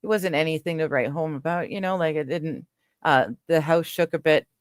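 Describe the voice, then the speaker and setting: There's no echo in this clean studio recording of a deep-voiced woman from western Canada talking at normal speed. Hosting a livestream, she reads the chat and answers viewers in casual conversation, rambling easily with plenty of laughter.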